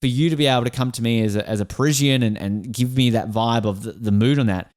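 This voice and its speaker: Australian male podcast host, fast and eager, emotional, lots of restarts. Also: medium pitch, a little mellow. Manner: enthusiastic, emotional, many restarts. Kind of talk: casual podcast chat.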